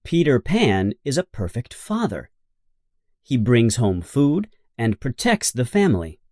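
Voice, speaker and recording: A man reading a children's storybook aloud in a slow, simple, expressive narration. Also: medium pitch, no echo, studio quality. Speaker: audiobook narrator.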